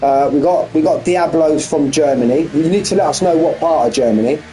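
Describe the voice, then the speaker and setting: A man calls a sim race in a loose, chatty way, stopping to tease viewers and saying things twice. His voice is mellow and warm. A faint hiss sits under the recording. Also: on the high side, fairly quick, poor audio. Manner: bantering, repeats himself, chats with viewers. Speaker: sim racing commentator. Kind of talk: casual live-stream commentary.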